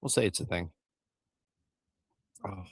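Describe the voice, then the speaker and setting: A man's voice: medium pitch, normal speed, dry recording. Folksy man streaming outdoors. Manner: rambling, folksy, addresses viewers as y'all. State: a little out of breath. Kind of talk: casual live-stream chat. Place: outdoors by a smoker.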